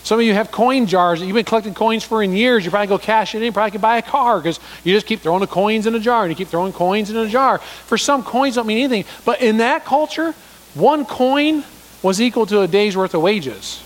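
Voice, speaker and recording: A man's voice: high voice, brisk, long reverb tail. A man preaching a sermon in a conversational style, telling stories and acting out voices as he explains scripture. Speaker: pastor.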